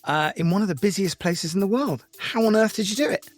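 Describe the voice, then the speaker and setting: A man hosting a podcast interview, reacting to his guest with quick, enthusiastic remarks. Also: high voice, no room sound, soft background music. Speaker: podcast host. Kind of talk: casual interview chat.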